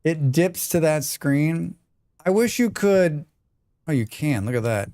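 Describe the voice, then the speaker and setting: A man's voice: fairly high pitch, lively intonation, measured pace, mellow. An American man chatting casually and joking with his chat while he plays a survival game on a live stream.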